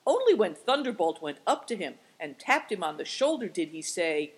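A woman narrating a storybook with an expressive, lively delivery. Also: lowish voice, normal speed, slightly rough, poor audio. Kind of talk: storybook read-aloud.

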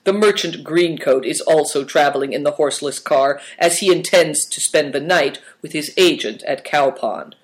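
A man's voice: fairly high pitch, normal speed, hardly any pauses, lightly acted. A man reading aloud who voices a ceremonious, persuasive man with flowery, formal phrasing.

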